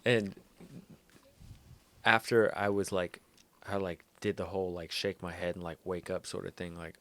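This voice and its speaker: A man's voice: low-pitched, steady tone, moderate pace, fairly bright tone, no echo. A young man hosting a podcast in a studio, talking casually with loose slang, swearing and laughs. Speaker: podcast host. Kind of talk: casual chat.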